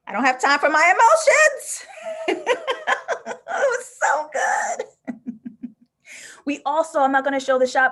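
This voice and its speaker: A woman hosting a live TV episode review and reading viewer comments, talking passionately and emotionally. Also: medium pitch. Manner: passionate and emotional, given to sudden laughing outbursts. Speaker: host of a live TV review show.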